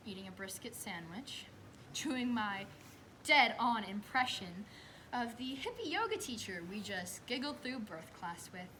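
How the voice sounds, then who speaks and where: A woman's voice: a little high, background noise. A young woman acting a stage monologue as an anxious new mother, telling it expressively and slipping into whispers. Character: anxious new mother recalling giving birth. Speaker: student actress. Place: school theater stage.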